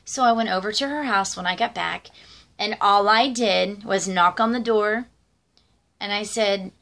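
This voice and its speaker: Gravelly middle-aged woman telling stories. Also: mid-range voice, measured pace, bright, forceful tone. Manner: rambling, conversational, many fillers and asides. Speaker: vlogger. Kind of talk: casual personal storytelling.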